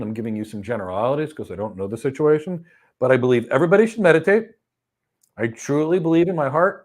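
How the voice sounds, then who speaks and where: A middle-aged man hosting a question and answer session, giving career advice and acting out little stories with quoted voices. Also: mid-range voice. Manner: animated storytelling, acts out quoted people. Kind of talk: live Q&A advice talk.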